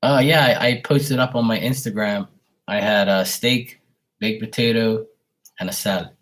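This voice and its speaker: A man with a somewhat low-pitched voice talks loosely and warmly to his viewers on a live stream. He greets people by name at an easy pace from his home. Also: fairly even intonation, moderate pace. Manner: greets viewers by name, affectionate and laid-back. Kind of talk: casual live-stream chat.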